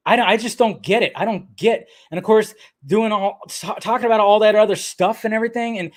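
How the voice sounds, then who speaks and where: A man hosting a live stream, ranting in an excitable way. He swears often and laughs at himself. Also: high voice, fairly quick.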